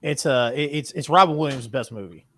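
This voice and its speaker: A man co-hosting a casual podcast, telling stories with lively delivery. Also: medium pitch, brisk. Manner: animated storyteller acting out movie scenes. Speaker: podcast co-host. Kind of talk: casual chat.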